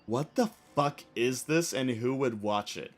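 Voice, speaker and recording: A man putting on a dismissive, sneering grown man dressed in a unicorn outfit, in a lower voice than his own. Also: measured pace, lightly acted. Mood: scornful.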